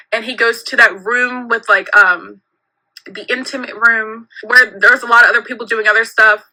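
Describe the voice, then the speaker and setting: A young woman telling a personal story in an animated, giggly way, acting out what people said. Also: on the high side, poor audio. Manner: animated, giggly, acts out quotes.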